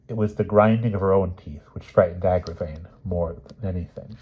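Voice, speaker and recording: A man reading a novel aloud in an expressive, measured storybook narration, on a dull lo-fi recording. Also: low-pitched, husky. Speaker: audiobook reader.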